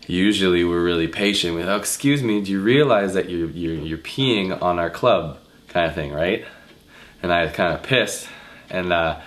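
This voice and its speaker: Deep-voiced man telling a story. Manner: laid-back, filler-heavy, tag questions. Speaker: nightclub bouncer. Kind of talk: casual storytelling.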